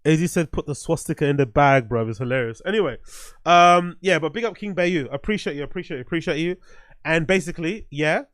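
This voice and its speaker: A man's voice: on the high side, fairly quick, dry recording, studio quality. A man giving casual, profane livestream commentary as the host, blunt and rambling. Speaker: streamer host reviewing music.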